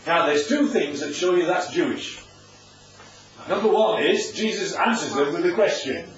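A man preaches with a high, very animated voice and keeps checking in with his listeners. He sounds far from the microphone, and the dull recording is soaked in the echo of a large room. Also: normal speed, a little hiss or hum. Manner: chatty, asks the audience questions. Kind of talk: informal Bible teaching with slides.

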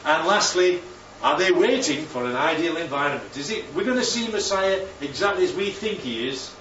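A man preaching a sermon, animated and full of rhetorical questions, his voice leaping up for emphasis. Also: on the high side, normal speed, a little hiss or hum. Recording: roomy, distant, dull sound with faint ambience.

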